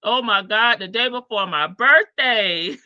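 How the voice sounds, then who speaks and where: A woman's voice: fairly high pitch, lively intonation, slow pace, bright, forceful tone, dry recording, lo-fi sound. A woman hosting a live stream, reacting with sassy, teasing commentary in speech and laughing often.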